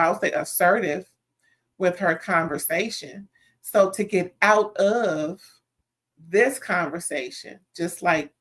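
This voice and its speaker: Sassy woman recapping reality TV live. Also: lowish voice. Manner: animated, sassy, talks straight to viewers. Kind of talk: casual live recap to viewers.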